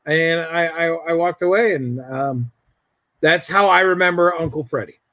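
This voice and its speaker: A man's voice: a little high, normal speed, fairly bright tone, no echo. Rambling man telling a family story. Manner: rambling anecdotal storytelling with many restarts. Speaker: guest. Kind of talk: casual chat.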